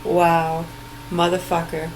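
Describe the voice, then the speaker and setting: A woman with a fairly low voice rants angrily into her phone for a vlog, swearing, sarcastic, and mocking people between bursts of laughter. Her delivery is slow and completely flat in intonation. The phone video recording is poor, with a little hiss or hum.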